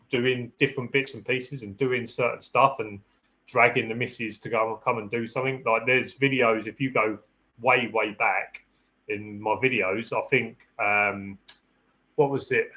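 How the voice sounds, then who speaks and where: A man at a middle pitch talks through dog training in a loose, conversational live-stream style. He circles back on his own phrases and restarts sentences as he works out his point. His delivery stays down-to-earth and practical. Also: sharp tone, rough recording. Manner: acts out the dog's thoughts in a raised voice. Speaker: security dog handler hosting a live Q&A. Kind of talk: casual live-stream advice talk.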